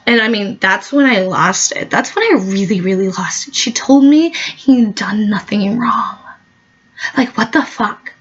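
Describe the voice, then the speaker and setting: A woman with a husky, medium-pitched voice performs a satirical comic monologue at a slightly slow pace. She sounds whiny and melodramatic and keeps saying "like," and the audio is dull.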